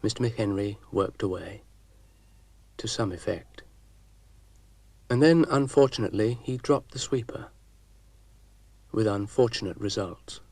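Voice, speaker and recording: A man narrating a children's story with a dry, gently wry delivery. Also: on the low side, a little slow, long pauses, no echo.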